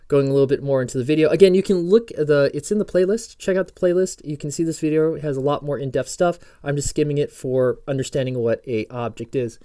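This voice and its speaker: A man's voice: a little high, fast, hardly any pauses, dark tone, clean tone, dry recording, clean studio sound. A man giving a casual programming tutorial, reading documentation aloud and breaking off into jokey, rambling asides. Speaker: programming course instructor. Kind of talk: casual screen-recorded tutorial.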